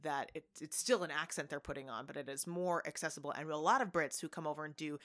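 A woman's voice: deep voice, fast talker, fairly bright tone. A woman co-hosting a podcast, chatting casually and at length about actors and performances. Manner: chatty, talks with many fillers and restarts. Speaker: podcast co-host. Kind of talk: casual movie chat.

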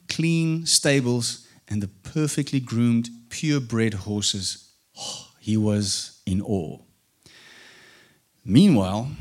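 A man telling a storybook tale in a calm, unhurried way. His voice sits at an ordinary male pitch and he now and then restarts a phrase. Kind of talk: storybook narration.

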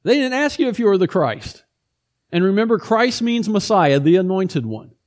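High-pitched male preacher, casual storytelling sermon delivery. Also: normal speed. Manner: conversational, lively storytelling with asides.

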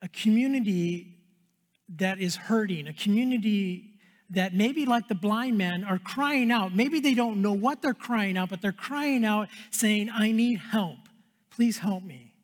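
High-voiced male pastor preaching. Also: unhurried. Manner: earnest, repeats phrases, drops to a hush for emphasis. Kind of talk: sermon. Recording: long hall reverb.

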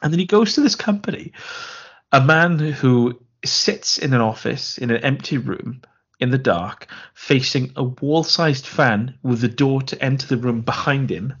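A man's voice: mid-range voice, measured pace, a bit bright, breathy edge, muffled recording. A man co-hosting a podcast, rambling sarcastically through a film plot and interrupting himself. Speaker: podcast co-host. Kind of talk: casual film-review chat.

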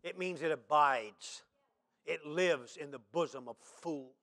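High-voiced, bright-toned preaching pastor. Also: male voice, takes it slowly. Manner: impassioned preaching that swells into shouts; asks the congregation rhetorical questions. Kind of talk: sermon. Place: church service.

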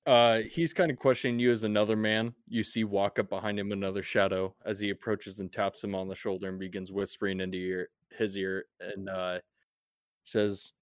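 Brief: man, low voice, casual profane game master narration, dry recording. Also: flat delivery, normal speed, clear, resonant tone, dry recording. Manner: laid-back, profane, with many fillers.

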